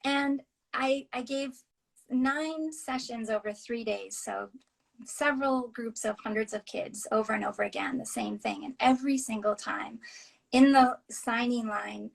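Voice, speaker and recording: A woman author telling personal stories in a conversation, earnest and halting, sometimes dropping her voice low and soft. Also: creaky, poor audio. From United States. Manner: earnest, halting, drops softly near a whisper at times. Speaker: author and interview guest.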